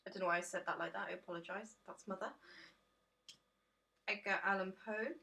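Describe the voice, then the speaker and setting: Woman, tired home vlogger, bright clear voice, chatty and rambling with lots of ums. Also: medium pitch, steady tone, fairly quick. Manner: chatty, rambling, self-deprecating, many ums. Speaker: tarot vlogger. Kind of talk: casual deck reveal chat.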